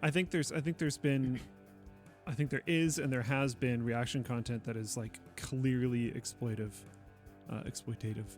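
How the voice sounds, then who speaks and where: A man with a mid-range voice speaks in a halting way on a casual podcast, restarting his sentences often. Faint music plays behind him. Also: medium pitch, steady tone. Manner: hesitant, halting, many restarts. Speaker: tech show co-host.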